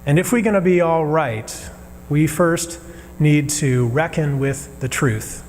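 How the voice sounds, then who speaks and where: Man, minister, sermon, slow, earnest, pausing, long church reverb, faint hum. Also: a little high, a little mellow. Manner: earnest, measured preaching with pauses. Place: church sanctuary.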